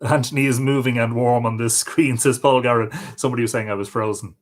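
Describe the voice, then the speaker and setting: A man's voice: medium pitch, steady tone, fast talker. A man hosting a livestream, reading out viewer comments in a casual, friendly way and greeting each viewer by name. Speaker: livestream host.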